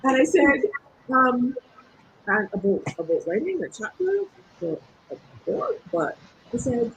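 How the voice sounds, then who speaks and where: A woman, a guest author telling lively, laughing anecdotes in a casual interview. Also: a little high, measured pace, long pauses, slight background noise, poor audio.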